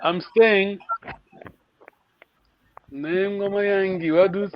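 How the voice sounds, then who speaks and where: A man's voice: high-pitched, fairly even intonation, very slow, muffled recording. A man teaching a live online language lesson, encouraging learners and repeating words for them to copy.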